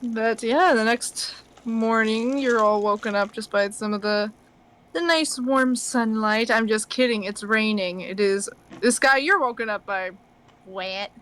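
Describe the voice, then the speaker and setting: A woman's voice: a little high, unhurried, fairly bright tone, smooth. A woman narrating as game master of a tabletop game, in a bubbly, giggly manner.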